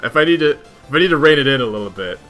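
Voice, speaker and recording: A man's voice: medium pitch, expressive, fast, a bit bright, soft background music. A man reading a webcomic aloud, chatting playfully with viewers between lines. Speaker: webcomic reader.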